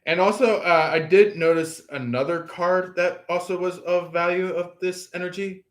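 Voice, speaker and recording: A man's voice: high voice, steady tone, moderate pace. A man giving a casual tarot reading, rambling with many fillers and restarts. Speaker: tarot reader.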